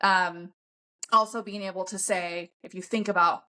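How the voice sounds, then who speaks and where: A woman's voice: medium pitch, steady tone, moderate pace, sharp tone. A woman talking bluntly and emphatically as a podcast guest, swearing often in a coaching tone. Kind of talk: casual podcast conversation.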